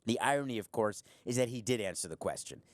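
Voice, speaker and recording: In a fairly low voice with lively intonation and a quick pace, a middle-aged former team owner turned show host rattles off sarcastic, emphatic sports commentary aimed right at the viewer. The recording is a dry studio sound without echo.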